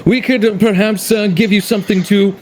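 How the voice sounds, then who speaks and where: A man's voice: high-pitched, steady tone, fairly quick. A man playing a tabletop game, speaking in an overly polite, formal way as his character. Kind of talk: in-character play.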